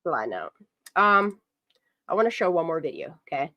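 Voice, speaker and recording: A woman hosting a casual live stream, chatty and excitable, rambling through long asides and talking to her dog. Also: fairly low pitch, normal speed, no room sound. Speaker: livestream host.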